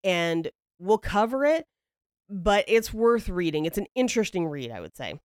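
A woman hosts a podcast and tells the story in loose conversation, wry and a little profane, laughing as she goes. Her voice is smooth and clear. The sound is close and dry, with no room around it. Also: lowish voice, very animated, moderate pace, a little mellow, no echo. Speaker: podcast host. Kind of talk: casual storytelling chat.

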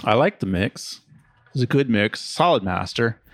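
A man's voice: mid-range voice, normal speed, no room sound. A man co-hosting a music review show, giving casual feedback with lots of laughs and "like"s. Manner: giggly, lively, hedging with "like" and "um". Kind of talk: casual couch chat.

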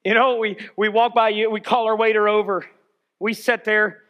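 A man preaching a sermon as a pastor, shifting between shouted exhortation and quiet, chatty storytelling. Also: sits high, level tone, normal speed, dull audio.

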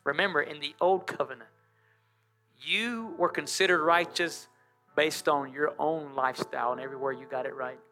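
A male pastor preaching a lively sermon in church, talking straight to the congregation and drawing it into call and response. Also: on the high side, normal speed, faint music behind.

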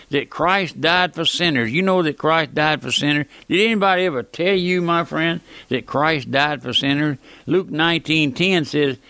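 An older man from the American South preaching a fiery radio sermon, an old-time preacher who keeps saying "my friend" and swings from thundering to quiet. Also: a little high, vocal fry, no echo.

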